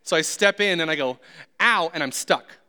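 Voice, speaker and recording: A man's voice: fairly high pitch, a little fast, bright, forceful tone, clear, resonant tone. A man preaching a sermon who tells humorous, self-deprecating stories. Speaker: pastor.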